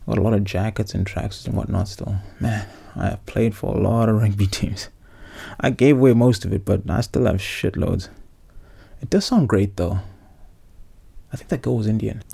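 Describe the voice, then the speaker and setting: A man's voice: on the low side, vocal fry, dark tone, slightly rough. A Zimbabwean man in his thirties hosting a podcast, telling profane, joking stories in a casual ranting monologue from inside a clothes-filled wardrobe. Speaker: podcast host.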